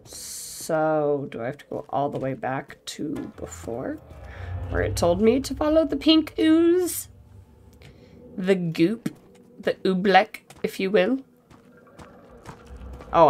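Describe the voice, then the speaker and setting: Slow, gravelly-voiced woman gaming. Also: fairly low pitch. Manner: sarcastic, swears freely, talks to herself. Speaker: gaming streamer. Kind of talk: let's play commentary.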